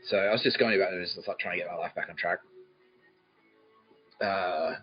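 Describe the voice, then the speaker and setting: Deep-voiced man rambling crudely. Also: fairly quick. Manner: crude, meandering, self-interrupting, laughs at own jokes. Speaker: podcast host. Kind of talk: rambling comedic monologue. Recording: dull lo-fi recording with faint music.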